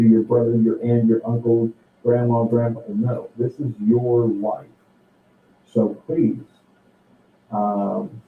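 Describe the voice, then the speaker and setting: A man's voice: medium pitch, slight background noise. Man, middle-aged host, folksy rambling monologue, distant and echoey phone-quality sound. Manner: rambling, folksy, advice-giving, many fillers. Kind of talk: casual live-stream monologue.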